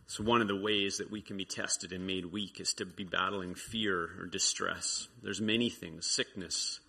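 A man's voice: deep voice, fairly even intonation, moderate pace, creaky, pushed and bright, husky. A man giving an informal sermon, reading scripture and reflecting aloud in a conversational way. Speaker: preacher.

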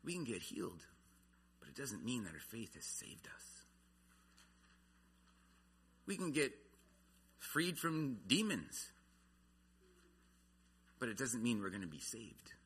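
A man's voice: mid-range voice, big pitch swings, slow, long pauses, a bit bright, a little hiss or hum. A man preaching a sermon, earnest, his voice rising and falling in intensity. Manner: earnest, rises and falls in intensity.

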